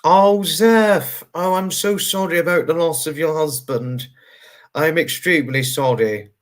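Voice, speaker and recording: A man's voice: a little high, normal speed, fairly bright tone. A man hosting a livestream, answering viewer comments in a casual, rambling way. He sounds tired and talks earnestly, with many fillers, as he reassures his viewers. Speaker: livestream host.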